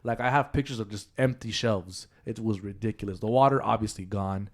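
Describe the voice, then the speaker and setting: A man's voice: lowish voice, fairly quick. A man co-hosting a casual podcast chat, telling grocery store stories and acting out the people in them. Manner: animated storytelling, acts out quoted voices. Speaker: podcast co-host.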